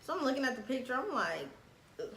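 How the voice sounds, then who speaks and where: A young woman tells a story in a lively, bright voice that runs fairly high. She laughs often and acts out every quote. The room is echoey and has a faint hiss under it. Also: quick pace. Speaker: vlogger telling a story. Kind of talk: casual storytime chat.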